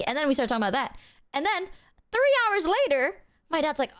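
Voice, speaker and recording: A woman talking straight to her stream chat in a loose, rambling way, full of slang and casual swearing. Her voice sits high and leaps around a lot in pitch. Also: big pitch swings, a little fast. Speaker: livestreamer.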